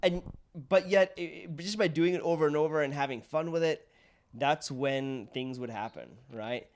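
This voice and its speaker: A man's voice: a little high, moderate pace. A young adult man, a podcast host and actor, talking in an upbeat, agreeable way with frequent yeahs. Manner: upbeat and agreeable, lots of "yeah". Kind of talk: casual interview chat.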